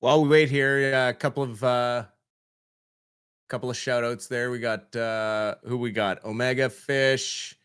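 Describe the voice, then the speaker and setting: A man giving color commentary and chat shout-outs on a fan hockey livestream, relaxed and halting with many fillers. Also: mid-range voice, clear, resonant tone.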